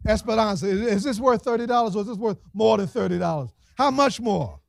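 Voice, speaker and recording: A man running a lively fundraiser auction, teasing the crowd with slang and frequent laughter. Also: sits high, brisk, creaky, no echo. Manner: playful, teasing, street slang, laughs often. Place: event hall with audience.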